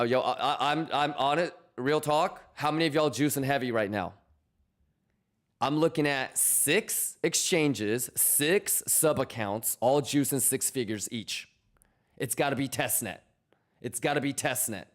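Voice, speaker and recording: A man in the middle of a pitch range talks straight into a desk mic during a live trading stream. He is loud and teasing, swears freely and keeps checking in with his chat, repeating the same questions back to them. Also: unhurried.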